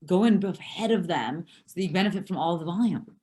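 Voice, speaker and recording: A woman leading a motivational team call, with a voice on the lower side. She backs up her guest and presses each point home with emphasis. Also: expressive, fast, mellow. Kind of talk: motivational coaching chat.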